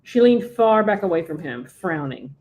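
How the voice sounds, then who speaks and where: A woman author reading aloud from her own novel at home as a podcast guest, after a relaxed, chatty setup. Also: lowish voice, normal speed, phone-quality sound.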